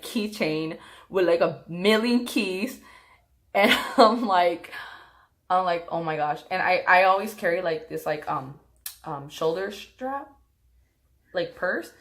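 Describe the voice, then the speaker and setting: A woman's voice: fairly low pitch, a bit bright. A young woman casually telling a personal story to her viewers, rambling with lots of fillers and restarts.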